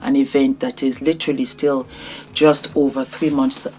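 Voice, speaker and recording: Low-voiced woman in her fifties. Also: flat delivery, normal speed. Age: 50s. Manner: warm, emotional, grateful. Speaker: vlogger. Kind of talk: casual vlog to camera.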